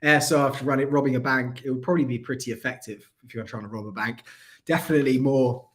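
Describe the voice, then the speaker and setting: A man's voice: medium pitch, fairly even intonation, fast talker. A man hosting a casual livestream, chatty and rambling, with a dry throat and frequent coughs. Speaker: airsoft channel host.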